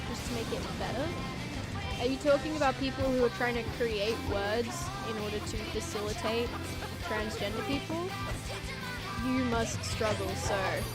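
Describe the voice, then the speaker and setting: A woman game streamer chatting casually on a live stream at home, rambling through opinions and reading chat aloud. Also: on the high side. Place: home room.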